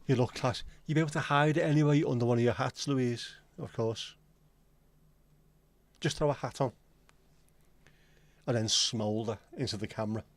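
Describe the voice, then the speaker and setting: A man's voice: medium pitch, normal speed, pauses often, dry recording. Man casually chatting with live-stream viewers. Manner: friendly, teasing banter with viewers. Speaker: livestream host. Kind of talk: casual chat reading out viewer comments.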